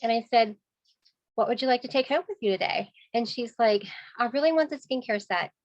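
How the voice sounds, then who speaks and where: Lively woman telling a sales story. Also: a little high, a little fast, no echo, highs cut off. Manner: lively, acts out quoted voices, laughs often. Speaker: skincare sales consultant. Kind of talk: storytelling sales tips on a group call. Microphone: video call.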